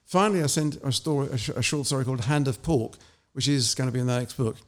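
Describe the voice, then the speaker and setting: A man reads his short story at an even, middle pitch. He then talks about his writing in a measured, anecdotal way, with small restarts. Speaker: author and interview guest. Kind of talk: story reading and casual interview.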